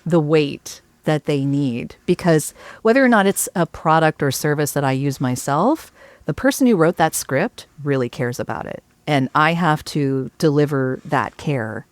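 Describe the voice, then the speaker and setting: Low-voiced woman voice actor, laughs readily. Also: a little slow, no echo. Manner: laughs readily, warm and expressive. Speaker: voice actor and guest co-host. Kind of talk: casual podcast conversation.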